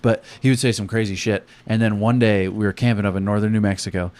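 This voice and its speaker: Young male comic host, low voice, profane and animated storyteller. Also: fast. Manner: profane, animated, acts out quotes loudly. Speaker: comedian podcast host. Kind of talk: casual storytelling chat.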